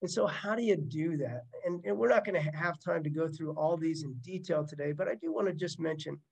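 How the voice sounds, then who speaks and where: A man's voice: on the high side, brisk, gravelly, a little mellow, slightly rough, rough recording. A middle-aged man, a marriage counselor, teaching a webinar in a conversational way, often checking in with "right?" and acting out example lines. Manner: conversational, uses tag questions and examples.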